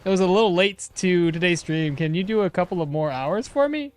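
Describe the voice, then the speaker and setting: Exasperated streamer man, lively voice. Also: high-pitched, a little fast. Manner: exasperated, laughing, talks to chat. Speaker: game streamer. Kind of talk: casual live-stream commentary.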